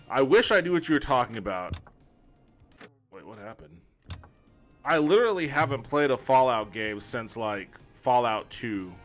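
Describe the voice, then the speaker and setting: A man streaming a game from home, chatting casually and joking with chat. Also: medium pitch. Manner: rambling, joking. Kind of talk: casual let's-play chat.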